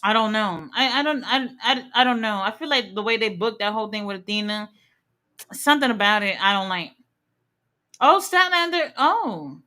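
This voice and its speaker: A woman's voice: medium pitch, animated, fairly quick, sharp tone. A woman hosting a live wrestling watch-along, chatting casually, reading out chat messages and giving blunt, opinionated takes with the odd curse word.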